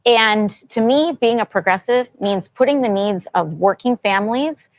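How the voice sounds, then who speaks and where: Woman politician in a tv interview, steady measured talking points, dry sound. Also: on the high side, no echo. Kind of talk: television interview answer.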